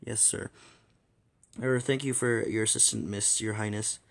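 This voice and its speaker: A man's voice: on the low side, fairly even intonation, measured pace, vocal fry. A man voicing every part of a fan audio drama himself, with a plain, conversational delivery. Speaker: solo voice actor reading all parts.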